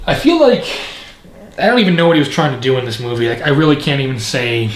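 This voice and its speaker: A man's voice: mid-range voice, animated, quick pace. A man reviewing a film in casual commentary, rambling and opinionated with frequent fillers. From Canada. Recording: echoey room.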